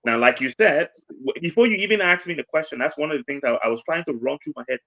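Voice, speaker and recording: A man's voice: on the high side, fast talker, few pauses, dry recording. A man speaking as a panelist in a political discussion, hesitant and searching for words. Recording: dull lo-fi audio.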